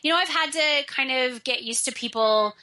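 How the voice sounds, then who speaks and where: Upbeat woman guest on a podcast, higher voice, really bright tone, laughs a lot. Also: normal speed. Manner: enthusiastic, laughs often, many fillers. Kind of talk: casual conversation.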